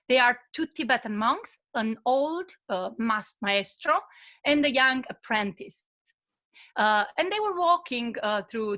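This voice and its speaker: A woman's voice: fairly high pitch, pushed and bright. A woman giving an online webinar presentation over a video call, telling a story and speaking hesitantly with many fillers and restarts.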